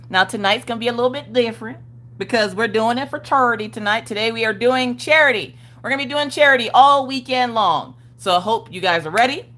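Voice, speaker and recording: A woman's voice: on the high side, lively intonation, a little fast, pushed and bright, slight background noise. A woman hosting a casual crafting livestream, upbeat and greeting viewers one by one by name. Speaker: livestream host.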